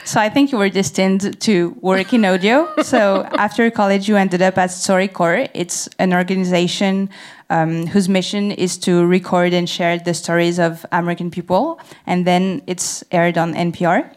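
A woman's voice: fairly low pitch, steady tone, moderate pace. A woman whose first language is French, interviewing a guest in English on a festival stage, friendly and laughing often.

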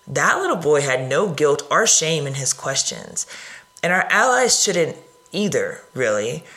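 A woman's voice: deep voice, sharp tone. A woman from the United States hosting a podcast, telling a personal story in an earnest, reflective way. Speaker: podcast host.

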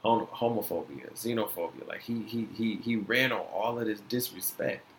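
A man's voice: lowish voice, normal speed, slight background noise. A young American man hosting a podcast, rambling through his opinions in loose slang and often asking "you know what I'm saying". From United States. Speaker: podcast host. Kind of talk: casual opinion talk.

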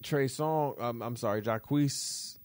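A man's voice: takes it slowly, dry recording. A man co-hosting a casual pop-culture podcast, teasing and cursing as he riffs straight at a celebrity. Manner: teasing, profane, riffing directly at a celebrity; animated, swings between low mutters and high exclamations. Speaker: podcast co-host.

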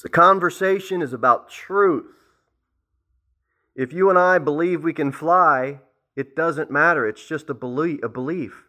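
A middle-aged man preaching a verse-by-verse sermon as pastor, animated and acting out the people in his stories. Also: on the high side, a little slow.

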